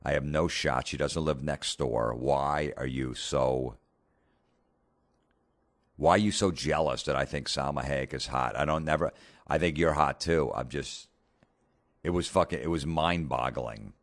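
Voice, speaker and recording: Very deep-voiced sarcastic man ranting. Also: a little slow, dry recording, clean studio sound. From New Jersey. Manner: sarcastic, mocking, swears constantly. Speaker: comedian podcast host. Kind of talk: profane comedic rant.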